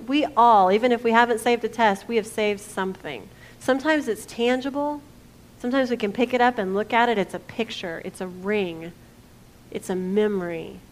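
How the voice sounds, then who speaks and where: A woman pastor, preaching a conversational sermon that asks the congregation questions and drops to a hush for quoted lines. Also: mid-range voice.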